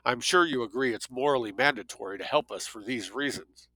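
A man reading as a calm, lecturing male agent. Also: medium pitch, no room sound, rough recording. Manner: measured, lecturing monologue.

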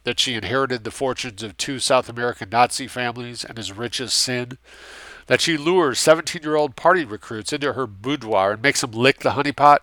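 A man voicing an older, abrasive American bureaucrat with a flat, nasal New York accent and a blunt, needling way of questioning. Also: medium pitch, fairly quick, dry recording, natural voice.

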